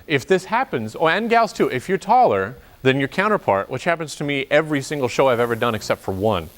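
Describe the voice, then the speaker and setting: A man's voice: mid-range voice, very animated, brisk. A man coaching singers in an opera workshop rehearsal, chatty and joking, drifting into stories as he explains. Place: rehearsal room.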